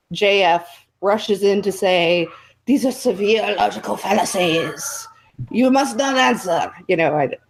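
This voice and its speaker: A woman's voice: lowish voice, a little mellow. A woman hosting a casual livestream chat, recapping events in a sarcastic storytelling manner. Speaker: show host.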